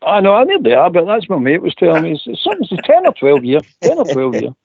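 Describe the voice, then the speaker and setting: A man calling in to a radio phone-in, talking fast and repeating himself. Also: high voice, sing-song, gravelly, a little mellow, breathy edge, no echo. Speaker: caller. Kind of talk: casual phone-in chat. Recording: tinny dry phone line.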